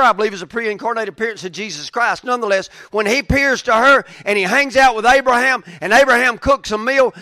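A man's voice: extremely high pitch, dry recording. Man preaching a sermon, dry close sound. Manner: swings from quiet reflection to raised, emphatic preaching. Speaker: pastor.

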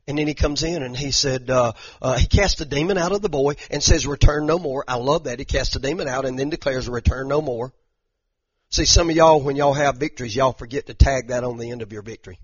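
A man's voice: medium pitch, brisk, breathy edge, no room sound. A man preaching a sermon, retelling stories dramatically with many repeated words. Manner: animated, dramatic retelling, frequent repeated "and"s, southern "y'all". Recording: dull lo-fi sound.

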